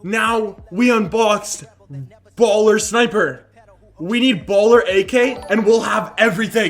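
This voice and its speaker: A man giving excitable, swearing commentary while unboxing items in a game, yelling at the spins. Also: high voice, unhurried, faint music behind. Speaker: gaming YouTuber.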